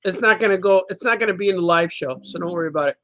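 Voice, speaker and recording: High, bright-voiced joking man. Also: rapid-fire, rough recording. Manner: rambling, jokey, laughs often. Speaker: cartoonist hosting a live show. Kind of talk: casual live-stream chat.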